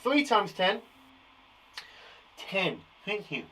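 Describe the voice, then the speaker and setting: A male teacher talks young children through their times tables in a live lesson. His voice is on the higher side, and he keeps reassuring them as he counts along. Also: expressive, normal speed, a bit bright, slight background noise, low-quality recording. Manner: encouraging, chatty and reassuring. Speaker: primary school teacher.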